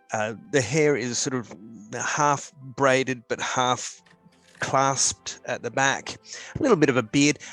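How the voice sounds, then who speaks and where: A man's voice: medium pitch, a bit bright. A man playing in a tabletop game, describing his character with many hesitations and restarts. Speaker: player.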